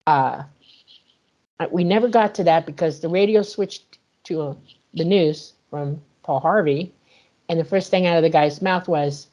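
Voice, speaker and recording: A woman guest in an interview, retelling a personal experience in an animated way and acting out the dialogue. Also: low-pitched, unhurried, muffled recording. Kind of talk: emotional personal storytelling.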